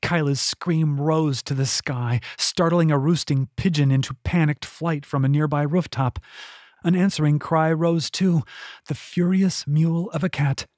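A man reading his own fantasy novel aloud in steady, measured audiobook narration. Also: fairly high pitch, dry recording, studio quality.

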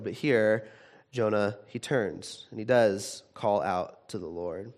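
A man preaching a sermon in a conversational way, with frequent restarts, who grows animated when he retells a story. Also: fairly low pitch, slow. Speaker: pastor.

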